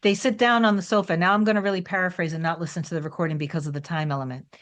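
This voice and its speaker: Chatty woman coach, slightly low voice. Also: fairly even intonation, very fast, a bit bright. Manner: chatty, with frequent "like" fillers. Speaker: manifestation coach. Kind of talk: casual storytelling about a client.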